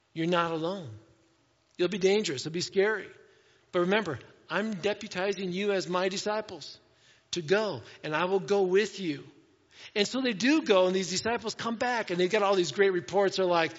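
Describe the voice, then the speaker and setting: Animated pastor preaching in a reverberant hall. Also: male voice, high-pitched. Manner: animated, conversational, acts out quoted voices. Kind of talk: sermon. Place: church sanctuary. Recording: dull sound with long reverb in a hall.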